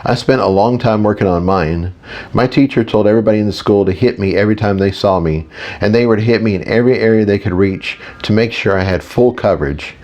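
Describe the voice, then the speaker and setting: A man's voice: lowish voice, fast talker, a little mellow, muffled recording, lightly acted. A man narrating an audiobook, voicing a serious young male mage fighter who explains things patiently. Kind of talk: audiobook character voice.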